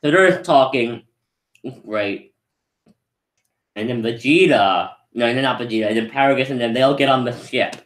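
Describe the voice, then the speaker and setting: A man of middle pitch talks through a movie plot in a loose, rambling way. He trips over restarts and fillers, then jumps into quick impressions of the characters. The sound carries a noticeable room echo. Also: fairly bright tone. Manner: rambling, many restarts and "like", acts out quotes. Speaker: movie reviewer. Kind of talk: casual movie recap.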